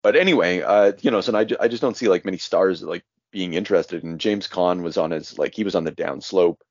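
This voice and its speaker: A man's voice: deep voice, a little fast, no echo. A man co-hosting a podcast in casual chat, rambling and hedging with a wry edge, recorded dull and dry. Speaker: podcast co-host.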